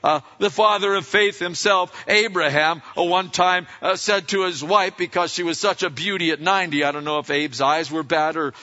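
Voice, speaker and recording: Folksy preacher with bright lo-fi voice. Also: male voice, high voice, fairly even intonation, moderate pace, few pauses. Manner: folksy, swings between loud and quiet, acts out quotes. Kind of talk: sermon. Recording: dull lo-fi sound.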